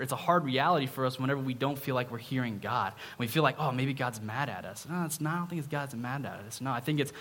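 A man's voice: medium pitch, fairly bright tone. A man preaching a casual sermon in a conversational way, often checking in with his listeners. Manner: conversational, often adds a questioning "right?".

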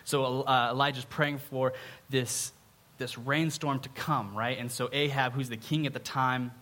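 A man preaching in a relaxed, conversational tone with a middle-pitched voice. He keeps checking in with his listeners as he talks them through a story. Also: a little slow. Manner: conversational, often adds a questioning "right?". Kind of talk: casual sermon.

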